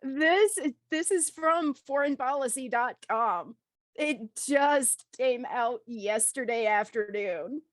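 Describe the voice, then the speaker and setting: A woman's voice: a little high, takes it slowly, dry recording. A woman co-hosting a podcast, reading an article aloud with wry, blunt asides and frequent laughs. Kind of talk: casual chat, reading an article.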